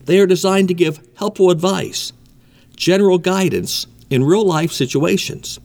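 A man's voice: high-pitched, moderate pace, gravelly, darkish tone. Emphatic man preaching a sermon. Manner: emphatic, repeats key points.

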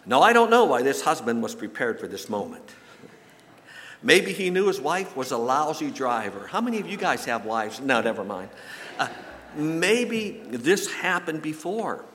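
A man's voice: medium pitch, very animated, fairly bright tone, slight background noise. Man preaching in a reverberant church. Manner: folksy storytelling with jokes, some halting repeats. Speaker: pastor. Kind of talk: sermon with anecdotes. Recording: long reverb from a large hall.

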